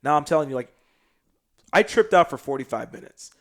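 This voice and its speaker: A man from South Sudan, a podcast guest telling a story in casual chat. He is animated and slangy, and swings between loud bursts and hushed asides. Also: on the high side, a little fast.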